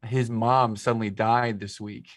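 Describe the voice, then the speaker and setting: A man's voice: on the low side, steady tone, unhurried, no room sound, clean studio sound. A man in his forties, a podcast guest talking casually into a podcast microphone, rambling and emotional as he tells stories. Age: 40s. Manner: talkative, emotional, rambling storyteller. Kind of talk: casual conversation.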